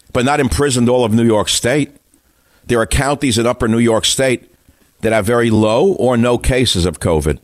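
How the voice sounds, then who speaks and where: A man's voice: mid-range voice, no room sound, clean studio sound. A man hosting a radio talk show, delivering an indignant monologue full of rhetorical questions.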